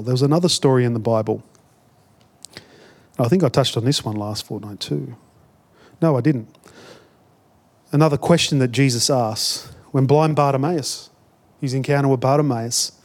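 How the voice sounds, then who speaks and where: A man's voice: medium pitch, a little mellow. A man with an Australian accent, a pastor giving a conversational sermon, often repeating words as he builds a point.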